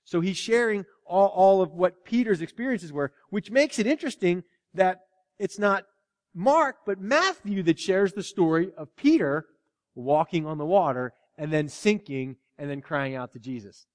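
Male pastor, high voice, animated sermon with hushed drops, long hall echo. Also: moderate pace. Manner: animated, swings from loud to hushed, acts out quotes.

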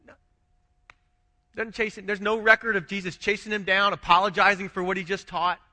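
A man's voice: sits high, flat delivery, brisk, sharp tone, long reverb tail. A man preaching a conversational sermon as a pastor, asking rhetorical questions and restarting his phrases.

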